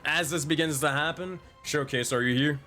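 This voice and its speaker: A man's voice: on the high side, normal speed, sharp tone. A man running a tabletop game online as game master, narrating scenes and laughing often between rolls. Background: faint music.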